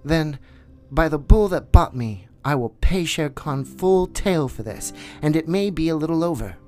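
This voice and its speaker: A man's voice: very animated, soft background music. A man doing an eager jungle boy. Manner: high, quick-tempered and earnest. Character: young boy raised by wolves, eager and bold. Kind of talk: storybook reading.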